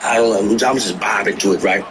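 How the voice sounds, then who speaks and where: A man telling stories in casual chat, animated, acting out the people he quotes and swearing freely. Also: on the low side, a little fast, noisy background. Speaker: livestream host telling stories. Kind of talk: casual storytelling.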